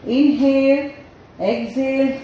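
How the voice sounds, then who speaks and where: A woman's voice: sits high, fairly even intonation, takes it slowly, warm tone, slight background noise. A woman leading a playful sing-along yoga class for parents and babies. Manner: playful, sing-song, coaxing. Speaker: mother-and-baby yoga trainer. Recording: echoey room, far from the mic.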